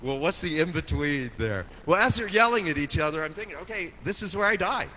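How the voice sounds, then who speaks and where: A man preaching a sermon, telling a story with dramatic swings from hushed to soaring delivery. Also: on the high side, expressive, brisk. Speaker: pastor. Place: church sanctuary. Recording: long hall reverb, faint noise.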